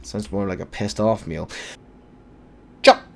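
A man's voice: on the low side, takes it slowly, gravelly, a bit bright, a little hiss or hum. A man streaming a game and commenting casually, crude and joking, with frequent silly voices.

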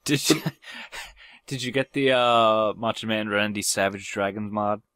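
A man's voice: lowish voice, measured pace, sharp tone, clean tone, dry recording, studio quality. A man co-hosting a podcast, chatting casually about games and movies, joking and prodding with playful questions. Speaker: podcast co-host.

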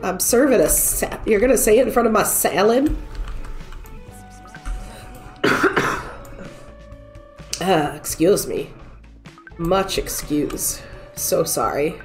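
A woman's voice: medium pitch, lively intonation, takes it slowly, long pauses. Chatty woman streamer with a cold. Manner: rambling, chatty, talks to the game's cats. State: sick with a cold. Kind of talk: casual gameplay chat. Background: faint game music.

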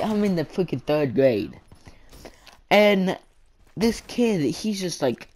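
A man's voice: on the high side, animated, a little slow, a little mellow. A male gaming vlogger telling a rambling story in casual chat, full of fillers and the word "freaking". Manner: chatty, repeats "freaking" and fillers.

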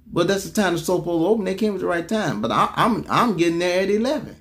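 A man preaching to his congregation in a fairly high voice. He talks like he is chatting with the room, calling out to the people and swinging between loud punches and quiet asides. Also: lively intonation, fast talker, few pauses. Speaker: apostle preaching. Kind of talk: sermon.

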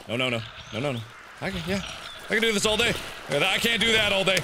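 A young man narrates his horror game run in a high, swooping voice, talking to the screen and yelping whenever something startles him. Loud game noise sits behind him the whole time. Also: animated, a little fast. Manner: jumpy, yelps and shouts when startled, talks to the game. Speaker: gameplay commentator. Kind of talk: horror game let's play commentary.

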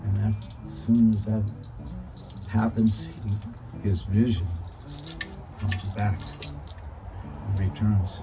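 A man telling a story in a relaxed, conversational way. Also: fairly low pitch, slow pace, long pauses, lo-fi sound. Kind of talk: oral storytelling. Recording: voice from afar over guitar music. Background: guitar music.

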